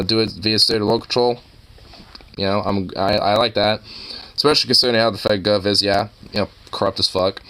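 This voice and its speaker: A man muses aloud as he scrolls through online posts, drifting from topic to topic and swearing casually. His voice sits a bit low but comes across bright and forceful. He talks in loose, restarting sentences packed with fillers. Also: slight background noise. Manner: profane, rambling, full of fillers and restarts. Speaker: streamer browsing online posts. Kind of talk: casual rambling commentary.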